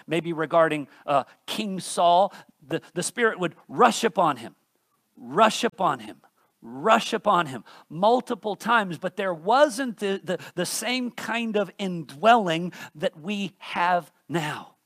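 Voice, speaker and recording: Emphatic high-voiced male preacher. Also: lively intonation, dry recording, clean studio sound. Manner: emphatic, dynamic swings between soft and loud; reads scripture aloud with slow emphasis. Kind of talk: expository sermon.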